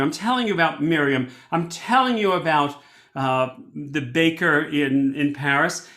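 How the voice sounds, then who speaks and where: An animated male cantor leads a storytelling lesson in a lively, conversational way, his voice high and bright. He often backs up and restarts mid-sentence. The sound is roomy, with a clear echo around him. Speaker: cantor teaching a storytelling workshop. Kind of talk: workshop lesson. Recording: echoey room.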